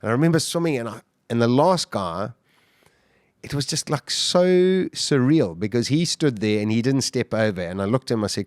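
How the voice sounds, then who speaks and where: A man, a podcast guest, telling his survival story in an animated way, full of restarts and repeated words. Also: mid-range voice, moderate pace, dry recording, clean studio sound. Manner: vivid, animated retelling with restarts. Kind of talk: interview storytelling.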